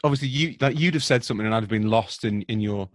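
A man's voice: fairly low pitch, fast, dry recording, clean studio sound. A man co-hosting a podcast, teasing and laughing in casual chat. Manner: giggly, teasing.

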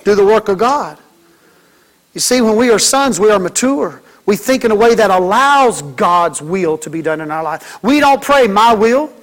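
A man's voice: high voice, animated, normal speed, fairly bright tone. A man preaching a sermon as pastor, folksy and joking, mimicking kids and church members.

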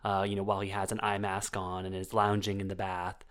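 A man's voice: low-pitched, monotone, fairly quick, a bit bright. A man co-hosting a casual film review podcast, wry and chatty with plenty of fillers. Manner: wry, storytelling, full of fillers.

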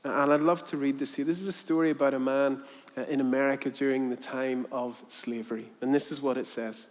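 A man's voice: medium pitch, fairly even intonation, brisk. Storytelling male preacher in a reverberant hall. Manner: storytelling, acts out quoted voices, softens to quiet appeal. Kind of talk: sermon with told story.

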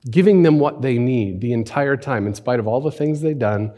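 A man's voice: mid-range voice, expressive, normal speed, dark tone. Conversational man preaching a sermon. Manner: conversational, rhetorical questions, frequent tag "right?". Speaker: pastor.

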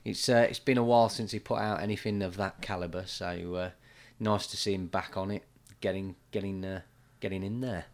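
A man's voice: low-pitched, steady tone, a little fast, a little hiss or hum. Rambling, laid-back male podcast host. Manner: rambling, laughs often, hesitant fillers. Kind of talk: casual chat.

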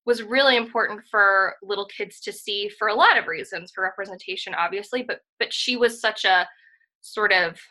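On a laid-back podcast, a female co-host talks at a moderate pace in a sharp, mid-range voice. She's eager and sincere but meandering, filling her speech with "um" and "like," and the recording sounds poor.

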